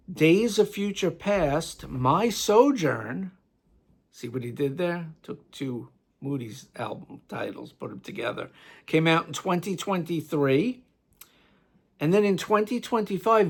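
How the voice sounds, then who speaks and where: Middle-aged New York man, gravelly tone, chatty rambling music-vlog delivery. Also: on the high side. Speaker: music vlogger. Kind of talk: casual tribute monologue.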